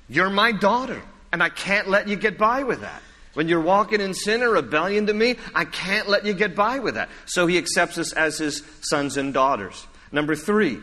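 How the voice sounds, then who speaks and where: A man preaching a sermon with a high, bright, ringing voice. He talks in an animated storytelling way, with asides and little self-deprecating laughs. The sound carries a long reverb, as in a church sanctuary. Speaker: pastor. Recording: echoey hall reverb.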